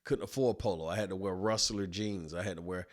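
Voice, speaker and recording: A man's voice: sits low, a little fast, natural voice. Man doing a plainspoken, weary father. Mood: explaining.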